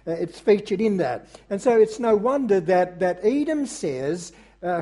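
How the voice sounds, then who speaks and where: Mellow high-voiced preacher man. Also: expressive. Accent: non-American English. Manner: earnest, measured preaching with frequent uh fillers. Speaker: pastor. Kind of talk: sermon.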